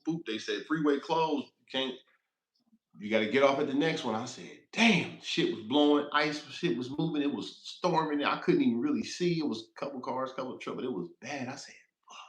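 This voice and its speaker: A man's voice: mid-range voice, a bit bright, reverberant. A man who drives trucks, telling a rambling, profane road story on a casual livestream, laughing as he goes.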